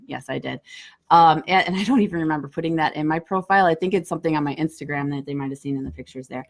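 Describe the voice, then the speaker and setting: A woman in her thirties co-hosting a casual chat, chatty and quick to laugh. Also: sits low. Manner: chatty, reads dating messages aloud with laughs. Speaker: podcast co-host.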